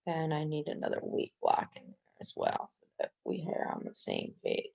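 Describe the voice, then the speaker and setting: A woman's voice: deep voice, huge pitch swings, moderate pace, creaky, dark tone. A woman coding instructor walking through a screen-recorded coding tutorial step by step, with casual fillers. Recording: dull lo-fi recording.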